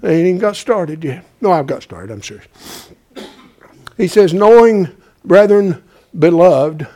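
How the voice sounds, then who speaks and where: A man preaching a folksy sermon, calling out to his congregation and swinging from loud to hushed. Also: high-pitched, animated, unhurried.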